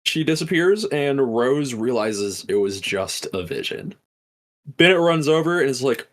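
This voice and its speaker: A man's voice: medium pitch, lively intonation, unhurried, fairly bright tone. A man hosting a podcast, recapping a film in a casual, swearing storytelling style. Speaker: podcast host.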